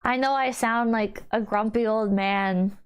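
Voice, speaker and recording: A woman with a voice a little higher than most, talking casually on a livestream. She answers chat in a blunt, wry way and swears freely. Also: steady tone, measured pace, clean tone. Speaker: streamer reading chat.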